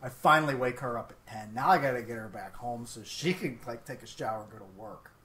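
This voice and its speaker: Animated bright-voiced man telling a story. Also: mid-range voice, fast talker, distant mic. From Pittsburgh area. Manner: animated, swears freely, acts out quotes in raised voices. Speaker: podcast co-host telling a story. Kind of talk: casual storytelling chat.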